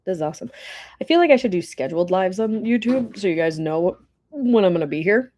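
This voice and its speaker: A woman's voice: medium pitch, lively intonation, a little fast, mellow, slight background noise. A woman hosting a casual livestream from home, chatting and rambling to viewers while eating dinner. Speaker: livestream host.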